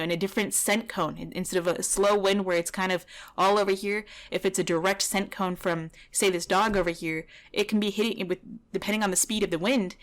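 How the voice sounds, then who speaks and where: A woman's voice: medium pitch, a bit bright. A woman dog trainer giving blunt, heated reaction commentary over a video, swearing at times.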